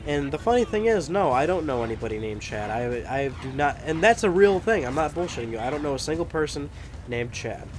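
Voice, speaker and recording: A man's voice: on the high side, big pitch swings, a little fast, noisy background. Rambling, swearing young man gaming. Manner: rambling, profane, laughs often. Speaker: gameplay commentator. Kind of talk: casual let's play commentary.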